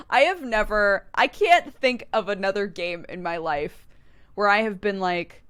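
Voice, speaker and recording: A woman's voice: mid-range voice, expressive, moderate pace, fairly bright tone, clean tone. A young adult woman streaming a game, chatting and ranting casually with frequent laughs. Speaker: gaming streamer. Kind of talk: casual let's-play commentary.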